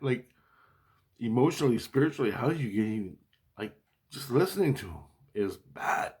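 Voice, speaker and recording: A man telling a personal story in a casual, rambling monologue, excitable and profane, repeating his exclamations. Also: medium pitch, moderate pace.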